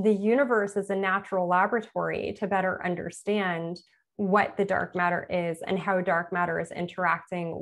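Woman giving a casual science lecture. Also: mid-range voice. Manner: explains plainly with everyday examples, self-correcting. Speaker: physicist giving an author talk. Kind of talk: conversational public lecture.

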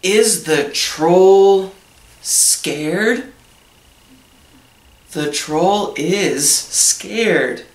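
A man's voice: sits high, drawn-out words, long pauses, slight background noise. A man teaching an English lesson, asking simple questions about a story and then answering each one in plain words. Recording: echoey room, voice from a distance.

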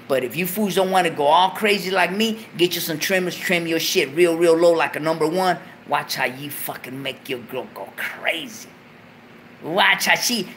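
A man's voice: a little high, sharp tone, slight background noise. A man hosting a show, giving a profane comic monologue in laid-back street slang, lecturing his viewers. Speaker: show host.

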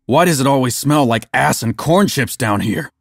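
A man voicing a gruff, lazy police sergeant who growls his blunt, crude orders. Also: medium pitch, lively intonation, normal speed, no echo, clean studio sound, voice pushed up. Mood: grumbling.

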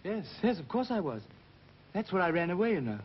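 A man's voice: high voice, big pitch swings, brisk. A man playing a dazed, rambling shell-shocked soldier in a 1930s film. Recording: dull old film soundtrack with hiss.

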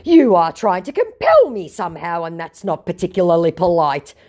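Woman doing a huffy scammer guy, defensive and whiny, lowish voice bouncing all over. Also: very animated, normal speed, dark tone. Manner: indignant, wheedling replies read aloud. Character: pushy male online scammer, defensive and evasive.

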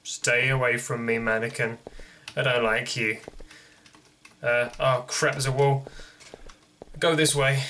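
A man's voice: mid-range voice, fairly even intonation, measured pace, pauses often, bright, forceful tone, slight background noise. A young man commenting on a horror game as he plays, jumpy and joking to himself. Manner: jumpy, jokey, talking to himself. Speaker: gaming video host.

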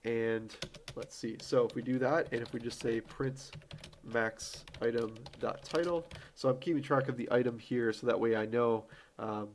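A man walks through a coding tutorial while recording his screen, talking in a relaxed, think-aloud way with frequent fillers. Faint keyboard clicks and typing sit behind his voice. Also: medium pitch, normal speed, slight background noise. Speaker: programming tutorial host.

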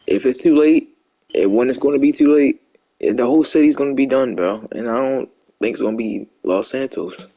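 Dude playing a worried agent, mellow low-key voice, casual slang, game rp drama. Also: male voice, normal speed, lightly acted, rough recording. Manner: casual slang, repeats himself. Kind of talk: video game role-play drama.

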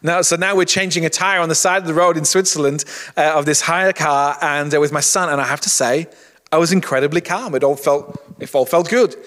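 Male pastor, middle-aged, slightly high voice, chatty sermon delivery full of restarts, long reverb. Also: brisk, a bit bright. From England. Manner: conversational, many restarts and "you know".

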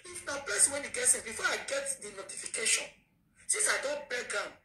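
A woman's voice: high-pitched, big pitch swings, fast talker, pushed and bright, soft background music. A woman with a Nigerian accent, a content creator, ranting in an aggrieved way and repeating her questions. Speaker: content creator in a played clip. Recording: echoey, distant clip with faint noise.

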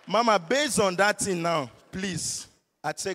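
Loud Nigerian church comedian. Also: male voice, sits high, unhurried. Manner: loud call-and-response, rowdy and teasing. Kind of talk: stand-up comedy at a church service. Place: large church hall. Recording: echoey hall with long reverb.

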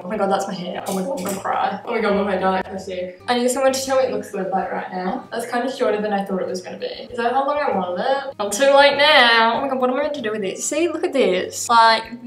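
Young woman vlogger, anxious and self-deprecating, recorded from a few feet away in a bathroom. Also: mid-range voice. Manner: nervous, rambling, self-mocking. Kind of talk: casual talk to camera. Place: home bathroom. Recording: echoey bathroom, mic at a distance.

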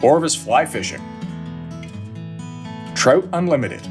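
A man's voice: fairly high pitch, sing-song, slow pace, music in the background. A man hosting a fishing show, delivering a scripted, upbeat episode sign-off. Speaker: show host.

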